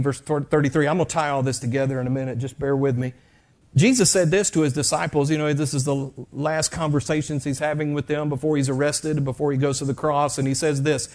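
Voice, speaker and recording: A man preaching a sermon in a church, telling the story in an animated, dramatic way with sudden drops and rises in loudness. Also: on the high side. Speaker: pastor.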